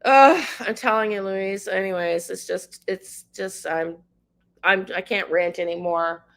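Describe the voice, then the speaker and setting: A middle-aged Canadian woman hosts a tarot livestream, crying and rambling as she addresses viewers by name in an emotional chat. Her voice is medium in pitch, a bit bright, and unhurried.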